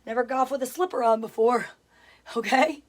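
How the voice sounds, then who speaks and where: A woman's voice: on the high side, normal speed. A woman chatting casually on a livestream, greeting viewers by name and reading out their comments. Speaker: livestream host.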